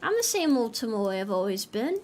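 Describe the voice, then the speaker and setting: A young VTuber streams a farming game, bantering playfully with her viewers and making fun of herself. Her voice is on the high side, very animated, a little mellow and fairly quick.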